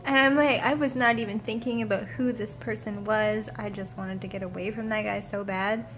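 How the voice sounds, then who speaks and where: A woman travel vlogger telling a dramatic story in a casual, animated way and quoting the people she met. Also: medium pitch, moderate pace, poor audio.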